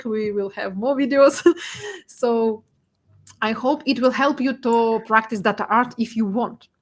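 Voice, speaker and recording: A young woman presents her work in a fairly high voice. She laughs often and speaks emotionally, with plenty of fillers and restarts. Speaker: guest speaker, data artist. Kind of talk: presentation talk.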